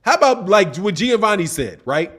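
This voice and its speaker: Boxing talk-show host, male, pitched high for a man, exasperated casual livestream ranter. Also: very animated, normal speed, a bit bright. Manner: exasperated, ranting, peppers sentences with "man". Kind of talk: casual livestream commentary answering chat.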